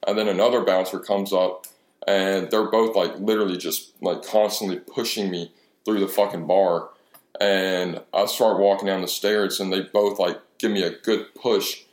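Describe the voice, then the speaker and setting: Deep-voiced young man swearing through a story. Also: fairly even intonation, normal speed. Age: 20s. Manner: profane, storytelling with quoted dialogue. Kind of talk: casual chat. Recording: echoey room.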